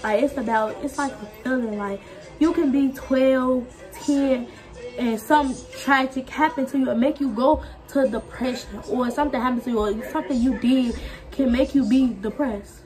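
A woman's voice: sits high, normal speed, darkish tone, faint music behind. A talkative young woman vlogging in a candid heart-to-heart chat with viewers. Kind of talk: casual chat.

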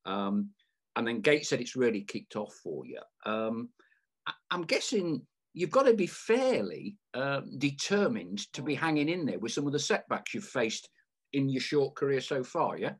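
A man's voice: mid-range voice, very animated, moderate pace, slightly rough. A man hosting a podcast, asking rambling, chatty questions with lots of fillers. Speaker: podcast host. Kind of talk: casual interview.

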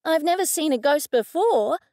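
A frazzled young witch , voiced by a woman narrator, talks in a shrill, high voice. She exclaims excitably and sounds jumpy. The read is close-miked and dry. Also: moderate pace, no room sound. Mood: alarmed.

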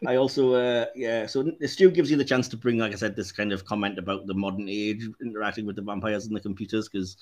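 A man's voice: on the low side, quick pace, hardly any pauses. A man hosting a podcast, chatting casually about a film and retelling scenes with lots of laughter. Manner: animated, retells scenes in quoted voices, laughs often. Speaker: podcast host. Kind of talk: casual film review chat.

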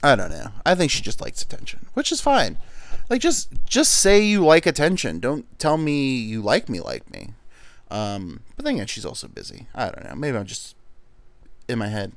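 Man rambling with wildly swooping pitch. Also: wildly swooping pitch, measured pace, gravelly, long pauses, no echo. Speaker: podcast host. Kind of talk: casual comedic monologue.

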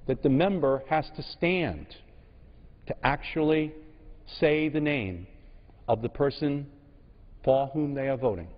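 A man in his sixties speaks from the floor of a large legislative chamber, the long reverb trailing each phrase. His oratory is slow and emphatic, broken by frequent pauses, and the sound is a little dull and muffled. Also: mid-range voice. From Massachusetts. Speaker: congressman. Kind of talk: floor speech.

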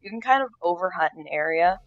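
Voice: mid-range voice, animated, quick pace, fairly bright tone. A gaming host with a stuffy nose, chatting casually through gameplay and getting startled now and then. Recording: dull lo-fi sound.

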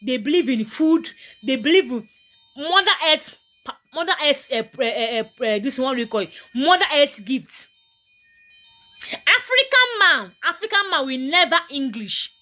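A Nigerian woman lectures her viewers in a motivational talk, preachy and emphatic, repeating herself for weight. Her voice sits high and swings widely in pitch. The tone is bright and forceful. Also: lively intonation, normal speed, soft background music. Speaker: motivational vlogger.

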